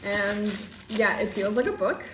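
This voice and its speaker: Opening presents from friends, a young book vlogger gushes and tears up on her reading vlog, breaking into laughter and teary outbursts. She speaks unhurriedly at medium pitch, in an echoey room with faint ambience and some background noise.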